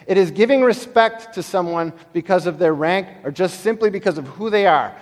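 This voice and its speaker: A middle-aged man preaching from the pulpit, his voice sitting a little high for a man. He storytells with lively emphasis, then sinks to hushed, drawn-out phrases. The sound rings with the long reverb of a large hall. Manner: animated storytelling, swings between loud emphasis and quiet, slowed lines. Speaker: pastor. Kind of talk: sermon.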